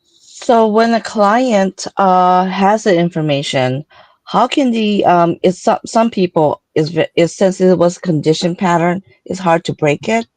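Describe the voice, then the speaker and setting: A woman interviewer poses her questions haltingly, stopping and starting. Her voice is fairly low and the sound is dry and close. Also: a little mellow, dry recording.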